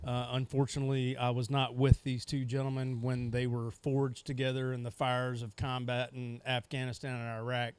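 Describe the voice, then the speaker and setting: A man, a former Marine, co-hosting a casual podcast and explaining ranks in a measured, precise way. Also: medium pitch, monotone, a little mellow, smooth. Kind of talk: casual conversation.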